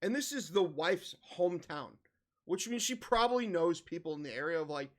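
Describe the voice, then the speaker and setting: A man's voice: on the high side, lively intonation, normal speed. A man giving comedic reaction commentary, ranting in exasperation and swearing heavily. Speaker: reaction video host.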